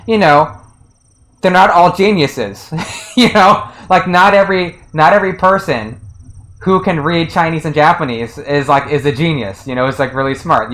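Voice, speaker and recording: A fairly high-pitched man talks casually on his stream. His speech is loose and rambling, with frequent restarts, lots of fillers and easy chuckles. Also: fairly bright tone, low-quality recording. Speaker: game streamer. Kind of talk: casual commentary on a game translation.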